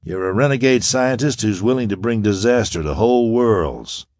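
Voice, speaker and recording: A man voicing a calm, brilliant young space-hero scientist in an audiobook, speaking coolly and with assurance. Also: fairly low pitch, moderate pace, no echo, clean studio sound, close to an everyday voice. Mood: contemptuous.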